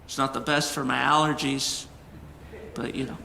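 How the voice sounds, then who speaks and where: A man preaching a sermon as a personal story, earnest and animated, with emphatic peaks. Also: mid-range voice, moderate pace, creaky, big-room sound, slight background noise. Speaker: pastor.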